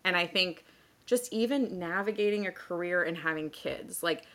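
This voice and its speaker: A woman in her thirties in a casual panel chat, quick to laugh at herself as she tells stories. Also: fairly low pitch, a bit bright. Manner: laughs often, quick self-mocking asides. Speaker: guest.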